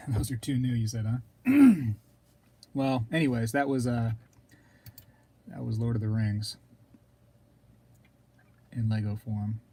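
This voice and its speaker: Male live streamer, casual rambler, warm low-key voice, frequent throat clearing. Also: expressive, slow, long pauses. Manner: rambling, talks to viewers in chat, clears throat often. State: throat scratchy, keeps coughing.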